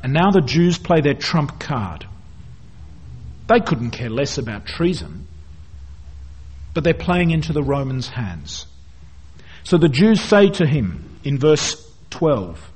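A man teaching through a Bible passage verse by verse, with an expressive delivery that drops low at the ends of phrases. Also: takes it slowly, long pauses, husky. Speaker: preacher.

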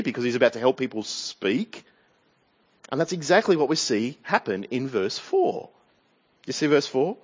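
An Australian man preaches a verse-by-verse sermon to a church congregation. His voice sits a little high for a man, and he keeps drawing his listeners in with questions. The recording is dull and lo-fi. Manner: expository, asks the congregation questions.

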